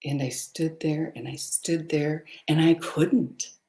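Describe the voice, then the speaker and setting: A woman's voice: sits low, steady tone, slow, dark tone, roomy sound. A middle-aged woman candidly telling a personal story as a webinar guest, with hesitant fillers. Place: room, recorded for a webinar.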